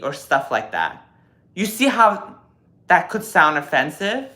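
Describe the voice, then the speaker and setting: A man in his twenties on a casual live stream, reading viewer comments and answering them in an animated, lecturing way with lots of fillers. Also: high-pitched, takes it slowly. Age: 20s.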